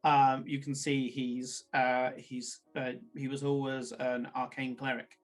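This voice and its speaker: A man narrating a tabletop game, halting with many ums and uhs. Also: medium pitch, level tone, soft background music.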